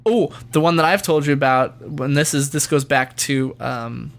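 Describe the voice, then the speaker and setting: A man's voice: a little high, moderate pace, vocal fry. A man talking casually as a guest voice actor, rambling with many restarts and frequent laughs. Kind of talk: casual podcast interview.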